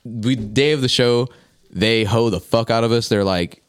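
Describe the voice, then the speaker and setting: A young man on a casual podcast, telling a story in a rapid, profane, animated way. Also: medium pitch, clear, resonant tone. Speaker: podcast co-host.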